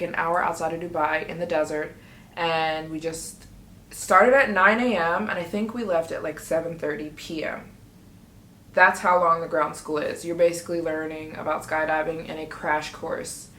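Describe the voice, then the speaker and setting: Woman vlogger, lowish voice, excitable casual storyteller, echoey room. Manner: chatty, excitable, quotes herself often. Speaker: travel vlogger.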